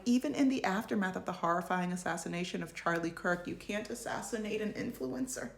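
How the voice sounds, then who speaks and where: A young adult woman from the United States, a journalist giving casual video essay commentary with sarcastic, joking asides and big swings in pitch. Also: fairly quick, few pauses. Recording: echoey room.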